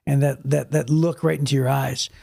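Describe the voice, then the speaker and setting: Gravelly man co-hosting a Bible talk. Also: medium pitch, level tone, a little fast, a little mellow. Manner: vivid, with repeated words and restarts. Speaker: podcast co-host. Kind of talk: casual Bible discussion.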